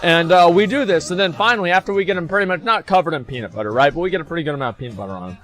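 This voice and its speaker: A man's voice: a little high, expressive, rapid-fire, a bit bright. A man telling a long story casually to his stream audience, rambling and swearing freely. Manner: rambling, profane, restarts and fillers.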